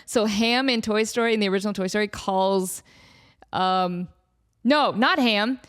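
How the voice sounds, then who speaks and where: A woman hosting a comedic solo podcast, telling a rambling, animated story with lots of fillers. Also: mid-range voice, measured pace, clean tone. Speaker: podcast host.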